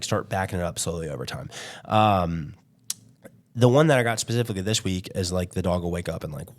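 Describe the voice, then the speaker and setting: Fast-talking man giving casual dog advice. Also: deep voice. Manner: rambling, filler-heavy, conversational. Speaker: dog trainer and podcast host.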